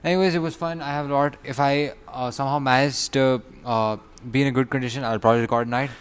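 Talking quickly in a clean, mid-range voice with fairly level intonation, a young male vlogger records a phone-app video outdoors, away from home. His stomach hurts, so his rambling, irritated chatter keeps breaking off for groans.

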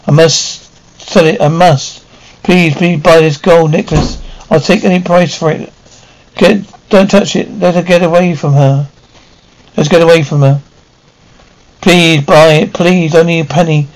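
A man reading the part of a greedy young woman slowly turning into a snake, pleading and faltering. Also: a little high, fairly even intonation, rough recording.

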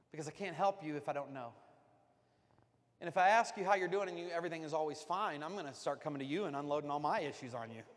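A man preaching a sermon as pastor, talking to his congregation in a loose, conversational way and joking with them. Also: fairly high pitch. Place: church sanctuary. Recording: long reverb of a church hall.

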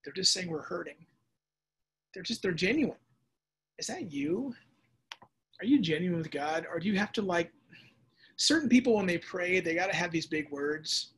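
A man preaching a sermon as pastor, lively and conversational, acting out voices and adding casual asides. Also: high-pitched, moderate pace, long pauses, breathy edge. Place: church or home setting during the pandemic.

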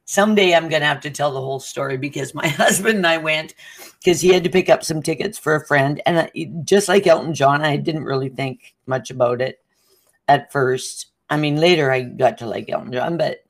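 Animated woman telling a story. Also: deep voice. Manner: animated, acts out quotes with laughs. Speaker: co-host. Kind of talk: casual storytelling chat.

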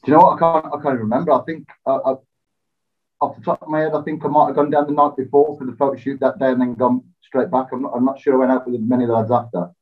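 A relaxed man tells stories in an interview, self-deprecating and quick to laugh. His voice sits in a middle pitch, and the recording sounds a little dull and lo-fi. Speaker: interview guest, former footballer. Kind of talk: casual interview storytelling.

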